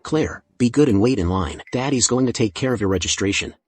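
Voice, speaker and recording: A man's voice: medium pitch, animated, fairly quick, a little mellow, slightly rough, no room sound. An actor playing an earnest, apologetic single father in his thirties in a dubbed drama. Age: 30s. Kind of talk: dubbed short drama acting.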